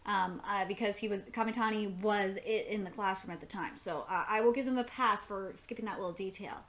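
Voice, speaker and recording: A woman's voice: mid-range voice, brisk. A woman giving live reaction commentary on an anime episode, rambling and enthusiastic with lots of fillers and restarts.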